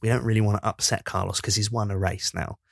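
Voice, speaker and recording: Dude doing a sneaky team strategist, low quiet plotting voice, dry mic. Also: male voice, steady tone, quick pace, vocal fry, no room sound. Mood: scheming. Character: hushed, scheming male team strategist.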